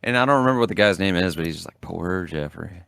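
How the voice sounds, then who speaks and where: This low-pitched male voice races along as a podcast co-host chats casually. He tells stories in a rambling, animated way, using fillers often.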